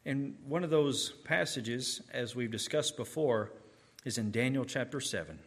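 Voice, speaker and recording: A man preaching a sermon, emphatic, swinging between booming declarations and hushed, slow asides. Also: lively intonation.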